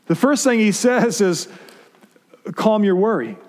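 High-voiced pastor preaching in a reverberant hall. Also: male voice, expressive, a little slow, darkish tone. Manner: conversational preaching with repeated restarts. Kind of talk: sermon. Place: church sanctuary.

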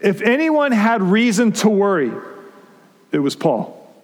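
A man's voice: high-pitched, big pitch swings, measured pace, in a large hall. A male pastor preaching a conversational sermon to his congregation, often restarting his phrases. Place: church sanctuary.

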